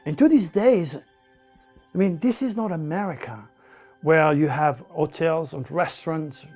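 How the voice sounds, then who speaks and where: His pitch is fairly high and his delivery a little slow, over soft background music. This Frenchman from the south, speaking with a French accent, tells personal stories in an interview and animatedly acts out what others said.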